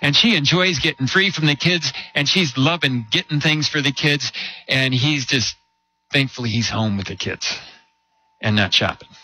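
A man preaching a sermon, telling a story with rhetorical questions and slowing down to stress key words. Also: mid-range voice, sharp tone, slightly rough, rough recording. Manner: storytelling with rhetorical questions and slow emphatic drops.

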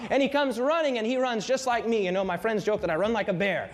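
High-pitched man preaching with fervor. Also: fast. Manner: fervent, dramatic, swings pitch and pace for emphasis. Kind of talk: sermon.

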